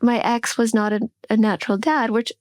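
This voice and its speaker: A woman's voice: a little high, fairly even intonation, no echo. Candid middle-aged woman, dry close sound. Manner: reflective, halting, with restarts. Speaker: podcast co-host. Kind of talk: candid podcast conversation.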